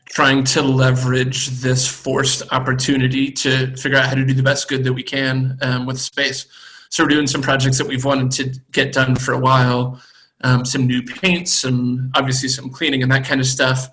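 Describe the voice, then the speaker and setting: A brewer talks over a video call, unhurried and thoughtful, filling gaps with "um". His voice is bright and clear, pitched at an ordinary middle level. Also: poor audio. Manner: relaxed, thoughtful, with many fillers. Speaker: brewery co-owner. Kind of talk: casual video call chat.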